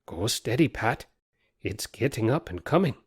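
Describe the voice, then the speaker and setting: A scoffing, gruff old countryman with stiff, aching legs and a broad rustic way of talking, his pitch swinging widely, as a man puts him on. He sounds dry and close, like a storybook reading. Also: sing-song, moderate pace, dry recording. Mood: fearful whisper. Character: elderly countryman, tough, rheumatic.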